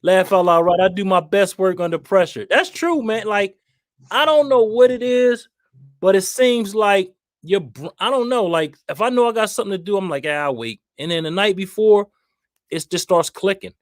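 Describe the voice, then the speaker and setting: Laid-back male host, fairly high voice, dry close mic, chatty and easygoing. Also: normal speed, no room sound. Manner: laid-back, laughs easily. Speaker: host reading viewer comments. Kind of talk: casual live-stream chat.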